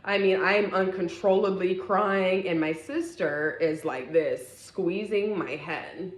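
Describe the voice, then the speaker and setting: A woman with a low, deep speaking voice tells a personal story to her viewers in a casual, animated way. She slips into the voices of the people in the story as she goes. The sound has an echoey room around it. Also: slow pace. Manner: animated, acts out quoted voices.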